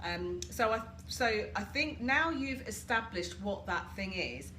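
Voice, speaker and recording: Lively British woman coaching live, roomy sound. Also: medium pitch, a little slow. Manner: chatty, asks listeners reflective questions and greets viewers. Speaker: coach hosting a live group session. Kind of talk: live-stream coaching talk. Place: home, washing machine running nearby. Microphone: laptop or phone camera for a live stream. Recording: roomy home live stream, washing machine hum.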